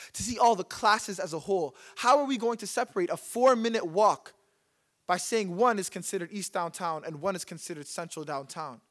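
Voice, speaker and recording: A young man from Canada speaks on stage, and his voice sits high for a man. He tells a personal story in a rhythmic, impassioned way and repeats phrases for emphasis. It sounds like a spoken-word talk given to a live audience. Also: a bit bright.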